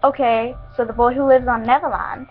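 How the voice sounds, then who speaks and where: A woman's voice: fairly high pitch, fairly even intonation, fairly quick, phone-quality sound, soft background music, natural voice. A woman voicing a polite, curious young woman who asks many questions, read aloud from a story.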